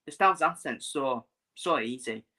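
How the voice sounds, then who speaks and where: A man hosting a live football watchalong, talking in a loose, chatty way and repeating his points. He is blunt and swears freely. His voice sounds bright and forceful, with a tense edge. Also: mid-range voice, animated, normal speed. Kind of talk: casual live football commentary.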